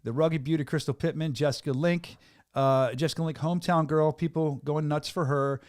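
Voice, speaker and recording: A man hosting a studio podcast in a casual, energetic, rambling way. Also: a little high, normal speed, no echo. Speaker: podcast host. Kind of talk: casual chat. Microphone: studio mic.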